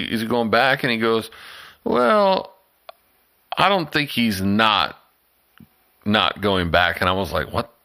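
A man co-hosting a casual sports podcast, telling stories with plenty of swearing. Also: on the low side. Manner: animated storyteller, swears freely. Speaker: podcast co-host.

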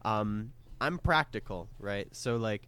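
A man's voice: on the low side, takes it slowly, a bit bright, clean tone. A young man co-hosting a podcast in casual chat, talking hesitantly with many fillers and restarts. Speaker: podcast co-host.

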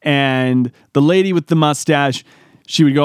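A man spins a comedic story in a rambling, animated way and jumps into acted-out quotes. His voice sits a bit high. The recording is close and dry. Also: measured pace, clear, resonant tone, no room sound.

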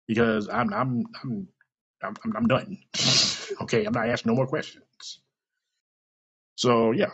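A man's voice: mid-range voice, very animated, normal speed, long pauses, fairly bright tone, slightly rough. A man hosting a solo podcast, rambling and swearing freely with self-mocking asides. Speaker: podcast host. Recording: dull lo-fi recording.

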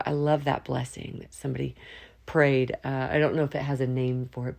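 A woman hosting a faith podcast, praying aloud in a heartfelt, informal way, with sudden rises and slow drawn-out words. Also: rumbling low, little pitch movement, vocal fry, a little mellow. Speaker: podcast host. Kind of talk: spoken prayer and encouragement. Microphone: audio only, no camera.

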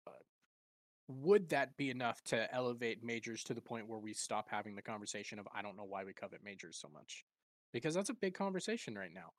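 A man's voice: fairly low pitch, expressive, fairly quick, dry recording. Laughing podcast co-host man. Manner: laughing, stumbling over names, self-mocking. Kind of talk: casual chat.

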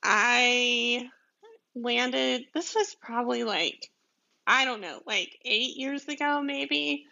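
A woman's voice: on the high side, vocal fry, sharp tone, highs cut off. A woman with a Southern Georgia accent, hosting a podcast in a chatty, rambling way, with many ums and frequent laughs. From deep South Georgia, USA. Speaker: podcast host. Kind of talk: casual monologue.

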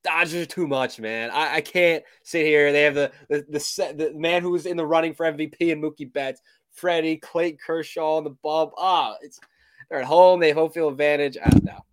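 A man's voice: on the high side, fairly even intonation, a little fast, no room sound, clean studio sound. A man co-hosting a casual sports podcast, giving blunt, emphatic opinions. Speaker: podcast co-host.

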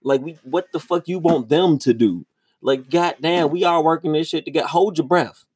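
A young man telling a story in a casual, profane ranting monologue, with his voice jumping high when he gets exasperated. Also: moderate pace, a little mellow, husky, no echo, clean studio sound. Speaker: vlogger.

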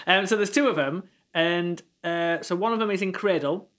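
A man's voice: high voice, moderate pace, a bit bright. A man, co-hosting a casual music podcast, chatty and rambling, laughing often. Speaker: podcast co-host. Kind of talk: casual chat.

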